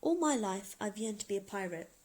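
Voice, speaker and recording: A woman's voice: medium pitch, brisk, slight background noise, natural voice. A woman voicing an eager older lady who longs to be a pirate, exclaiming in a raised voice. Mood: excited. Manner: excited, exclaiming. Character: bold eager older woman dreaming of piracy.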